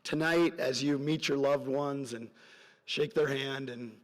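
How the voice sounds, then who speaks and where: A middle-aged man giving a parent's graduation speech as a story, earnest and rambling, his voice dropping soft at emotional moments. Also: medium pitch, fairly even intonation, unhurried. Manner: earnest, rambling with side stories, voice drops soft at emotional points. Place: large hall at a graduation ceremony. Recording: long hall reverb from a large venue.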